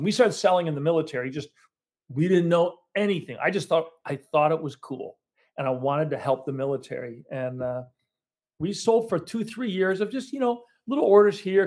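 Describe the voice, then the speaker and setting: Rambling storyteller man, slightly high voice. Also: a little mellow. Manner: rambling, self-correcting storyteller. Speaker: business owner guest. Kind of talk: casual storytelling interview.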